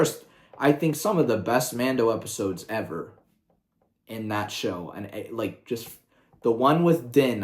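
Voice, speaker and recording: A man ranting casually as a video creator, excitable and profane, with quick asides. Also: lowish voice. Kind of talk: casual rant. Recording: roomy echo.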